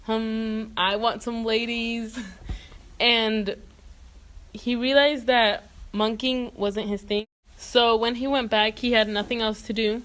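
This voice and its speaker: A woman tells a comedic history story in a silly, casual way and slips in jokes as she goes. Her voice sits a little high for a woman. It sounds like a playful retelling for an online video. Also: fairly bright tone. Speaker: narrator.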